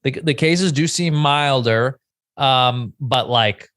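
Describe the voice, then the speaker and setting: A man's voice: medium pitch, slow pace, a bit bright, clean tone, no room sound, studio quality. A man in his thirties co-hosting a podcast, rambling through stories and cutting himself off mid-thought. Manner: rambling, self-interrupting storyteller. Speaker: podcast co-host. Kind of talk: casual chat.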